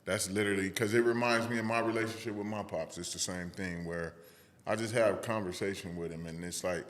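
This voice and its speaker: Male podcast host, low voice, slangy laid-back banter, long reverb tail in the room. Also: fairly even intonation, brisk, fairly bright tone. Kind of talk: casual podcast chat.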